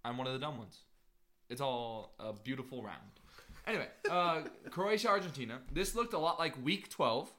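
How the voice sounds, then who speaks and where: A man's voice: mid-range voice, animated, moderate pace, pushed and bright. A man from California co-hosting a sports podcast, joking and self-deprecating. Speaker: podcast co-host. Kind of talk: casual sports chat.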